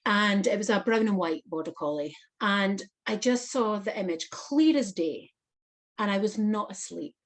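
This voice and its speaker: A woman guest on an interview, recounting a personal experience in an animated manner with frequent laughter. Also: medium pitch, moderate pace. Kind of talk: storytelling interview.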